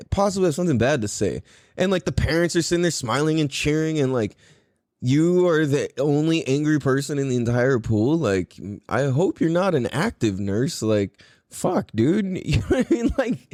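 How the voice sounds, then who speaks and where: A man in his thirties, a podcast host, telling a story in casual chat, animated and profane, laughing often. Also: fairly high pitch, no echo, clean studio sound.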